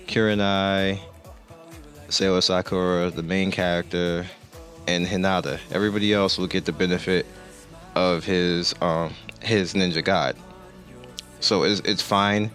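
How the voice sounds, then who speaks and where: A man's voice: low voice, fairly bright tone. A man giving casual, rambling gameplay commentary as a game reviewer, often correcting himself, with the hiccups. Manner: rambling, self-correcting, laid-back. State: has the hiccups.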